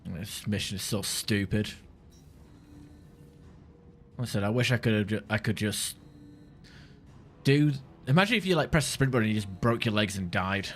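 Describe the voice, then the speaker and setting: A man's voice: on the low side, animated, normal speed, pauses often, soft background music. A man streaming a video game, talking in a sweary, sarcastic, rambling way. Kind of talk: casual gaming commentary.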